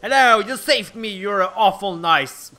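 A man's voice: high-pitched, unhurried, sharp tone, faint music behind. A man reading out the lines of a bratty young boy fisherman from a video game, in a dismissive, bossy way. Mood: chirpy.

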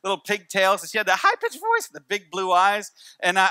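A pastor in his forties preaches a church sermon in a high, bright, forceful voice with huge swings in pitch, speaking a little fast. The sound is smooth with no echo. He tells stories with wry humor and keeps repeating key lines.

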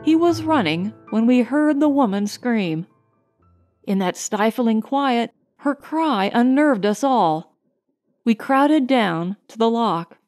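A woman reading a science fiction short story aloud in a measured, grave storytelling manner. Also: a little high, lively intonation, a little mellow, soft background music. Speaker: audiobook narrator. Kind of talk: scripted narration.

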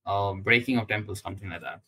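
A man from India calls into a live panel, putting his questions in a halting, hesitant way. His voice has a bright edge. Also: lowish voice, slightly rough. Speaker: caller. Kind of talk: live stream call-in questions.

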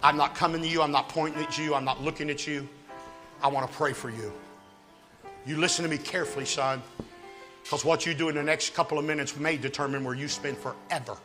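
A man preaching an impassioned revival sermon at a youth rally, pleading with his listeners and rising to shouts. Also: on the high side, steady tone, a little fast. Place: church youth rally hall. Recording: long hall reverb, faint music.

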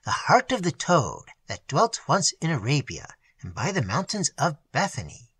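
A man's voice: fairly high pitch, wildly swooping pitch, normal speed, fairly bright tone, husky, dry recording, heavily acted. A man voicing a devoted male acolyte who answers his master solemnly, in a storybook reading. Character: secretive young male acolyte, devoted servant.

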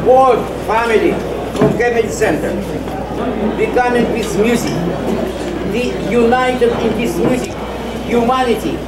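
An older man with a Russian accent speaks from a stage in halting, broken English, fervent and solemn. His voice sits high for a man. He is caught from far off in an echoey archive hall recording, with heavy noise over it. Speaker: guest of honor giving a speech. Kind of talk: emotional stage address to an audience.

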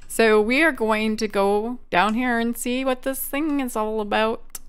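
A woman's voice: fairly high pitch, fairly even intonation, unhurried, clean tone. A woman hosting a game playthrough, chatting through each step as she plays. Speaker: gaming channel host. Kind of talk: let's play commentary.

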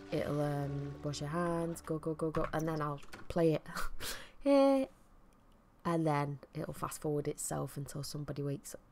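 A woman's voice: lowish voice, a bit bright, a little hiss or hum. A woman with a Mancunian accent giving chatty, rambling gameplay commentary with self-deprecating asides. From Manchester, England. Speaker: let's play commentator.

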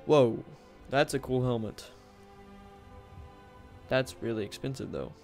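A goofy young man giving excitable, jokey commentary while he plays a video game. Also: medium pitch, takes it slowly, faint music behind. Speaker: gamer, video host. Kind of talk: casual let's-play commentary.

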